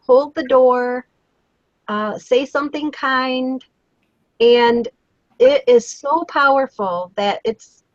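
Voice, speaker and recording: An earnest woman chatting on a live stream, a touch higher than most. Her voice is close and dry, and the sound is dull and lo-fi. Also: dry recording. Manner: earnest, storytelling, encouraging. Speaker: co-host of a daily live show. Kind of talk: casual live-stream chat.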